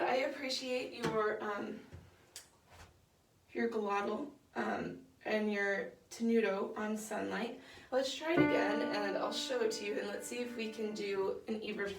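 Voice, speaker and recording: A young woman leading a women's choir rehearsal, patient and encouraging, with many fillers as she explains singing technique. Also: mid-range voice. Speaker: choir director. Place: rehearsal room. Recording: echoey room, voice from far off.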